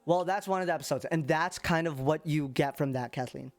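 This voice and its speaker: A casual man running a tabletop game, narrating in a halting, loose way full of "like" and "um". Faint music plays underneath. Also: on the high side. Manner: casual, halting, many fillers. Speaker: game master.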